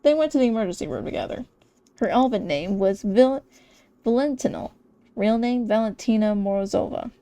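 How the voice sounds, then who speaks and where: A young woman streamer reads game narration aloud in a wry storytelling style. Her voice is mellow and moves widely in pitch. The sound is dry and close. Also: expressive, a little fast, clear, resonant tone, no echo.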